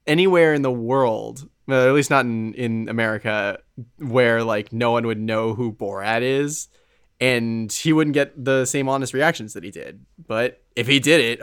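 Man, twenties, podcast co-host, smooth clear voice, chatty, laughing. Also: medium pitch, a bit bright. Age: 20s. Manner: chatty, laughing, with many "like" fillers. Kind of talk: casual chat.

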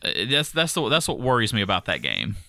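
Bright-voiced Southern man chatting. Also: fairly low pitch, fairly quick, dry recording. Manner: chatty, rambling, animated when ranting. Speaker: podcast co-host. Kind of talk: casual chat.

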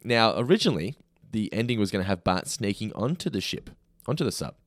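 Chatty, lively-voiced male podcast host. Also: on the low side, brisk, dry recording. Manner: chatty, laughs easily, stumbles over words. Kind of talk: casual chat.

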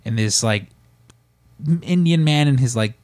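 A man's voice: mid-range voice, animated, moderate pace, a little mellow, no echo. A man hosting a casual podcast, telling long rambling stories with lots of fillers and restarts. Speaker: podcast host.

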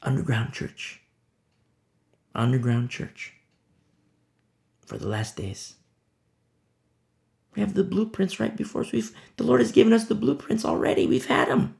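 A man's voice: sits high, wildly swooping pitch, normal speed, creaky, a little mellow. A man preaching an informal sermon, talking conversationally and acting out little scenes. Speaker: pastor. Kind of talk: informal sermon on a Bible passage.

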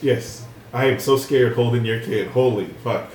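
A young man co-hosts a podcast, chatting casually and telling stories with animation, swearing and jumping his voice high when quoting people. His tone is darkish, his intonation fairly even, and his pace moderate. The room sounds roomy, with his voice slightly off-mic and faint noise.

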